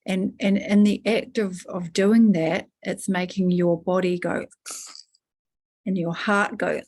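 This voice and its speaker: A woman leading a spiritual workshop, coaching a participant in an earthy, animated way, laughing and swearing casually. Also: lowish voice, takes it slowly. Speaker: workshop leader.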